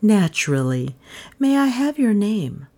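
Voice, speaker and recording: A woman reading a storybook who voices a polished young receptionist with a soft, insinuatingly confidential manner. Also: medium pitch, sing-song, measured pace, voice pushed up. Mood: smooth.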